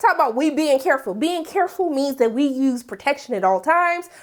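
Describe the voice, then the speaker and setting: A woman with a fairly high voice recaps a TV episode in casual chat. She is animated and sassy, drops teasing asides, and leaps up in pitch whenever she is incredulous. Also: a little fast. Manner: jumps up in pitch for incredulous reactions. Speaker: TV recap vlogger.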